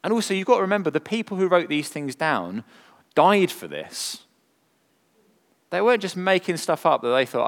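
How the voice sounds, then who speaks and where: A man preaching a sermon, earnest and full of rhetorical questions, moving from emphatic lines to hushed ones. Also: fairly high pitch, very animated, moderate pace. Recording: long hall reverb.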